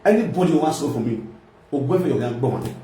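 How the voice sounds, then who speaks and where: A man with a Nigerian accent hosting a live video, giving a loud, sing-song political rant that mixes pidgin and local languages. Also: medium pitch, expressive, fast, distant mic. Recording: echoey room.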